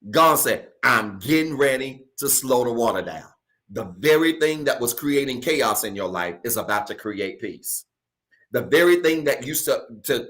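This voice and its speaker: Man, pastor, sermon, bright voice, call-and-response, hollering. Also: mid-range voice. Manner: preaching with call-and-response questions, building to shouts. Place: church stage.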